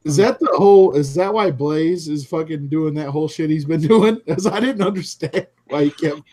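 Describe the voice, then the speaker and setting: Male co-host, slightly high pitch, chatty and laughing. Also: dark tone. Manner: laughing, quick gossiping. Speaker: podcast co-host. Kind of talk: casual chat.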